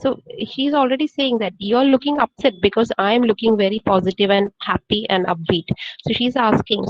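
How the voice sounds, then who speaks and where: A woman teaching a poem, reading lines slowly and then explaining them with rhetorical questions. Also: on the high side, dry recording, lo-fi sound. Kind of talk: poetry lesson, explaining line by line.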